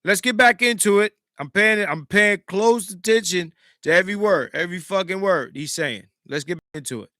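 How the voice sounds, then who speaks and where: Host type: man, high and very bright voice, emphatic casual commentary, dry close mic. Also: normal speed, few pauses, dry recording. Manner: animated, emphatic, swings between loud and hushed. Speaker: podcast host reacting to a clip.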